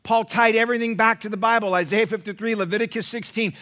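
A middle-aged American man preaching a sermon in a church, emphatic and joking, dropping to a hush and then rising loud. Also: high voice, fairly even intonation, fast. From United States. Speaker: pastor.

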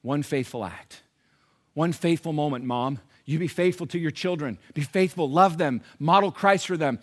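Here a middle-aged man, a pastor, preaches in a fairly high-pitched voice. Loud urging gives way to quiet, nearly whispered pleading, marked by insistent repetition and stretched-out emphasis.

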